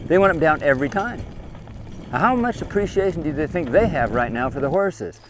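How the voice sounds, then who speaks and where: A man's voice: fairly high pitch, animated, brisk, background noise. Stern man lecturing a group outdoors. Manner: stern, questioning, repeats commands. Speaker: trip leader addressing a group of kids.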